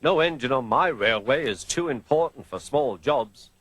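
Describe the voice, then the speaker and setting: A man's voice: medium pitch, lively intonation, a bit bright, no room sound, pitched above the performer's own voice. A man voicing a fussy, commanding railway director in a storybook reading. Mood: brisk. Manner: brisk, commanding.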